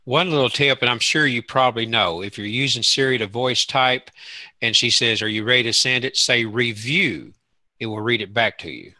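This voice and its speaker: Male co-host, Southern accent, bright sharp tone, dry mic, easygoing self-deprecating chatter. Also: mid-range voice, moderate pace, no room sound. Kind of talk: casual chat.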